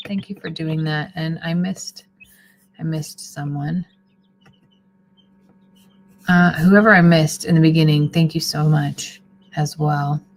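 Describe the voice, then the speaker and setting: A woman's voice: low voice, steady tone, takes it slowly, long pauses, a little hiss or hum. A woman chatting casually on a live stream, sleepy and rambling as she thanks viewers. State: sleepy, yawning. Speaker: homesteading livestreamer.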